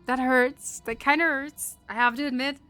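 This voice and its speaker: A woman's voice: high voice, fairly even intonation, normal speed, pushed and bright, clear, resonant tone, faint music behind. A woman live streamer chatting casually with her viewers while gaming, giggly and chatty as she thanks them and reacts to chat.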